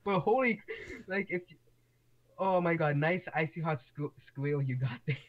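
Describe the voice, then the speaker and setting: A man's voice: a little high, moderate pace. A young man co-hosting a podcast who exclaims often and swears freely in casual chat. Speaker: podcast co-host. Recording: muffled lo-fi mic.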